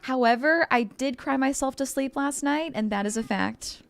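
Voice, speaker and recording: Bubbly high-voiced woman streamer. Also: normal speed, creaky. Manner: bubbly, effusive, giggly. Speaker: livestreamer. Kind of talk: casual livestream chat with viewers.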